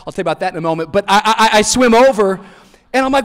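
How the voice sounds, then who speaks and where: Animated high-voiced male pastor preaching. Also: quick pace. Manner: animated storyteller, acts out voices, laughs often. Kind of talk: sermon. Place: church auditorium. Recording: large hall reverb.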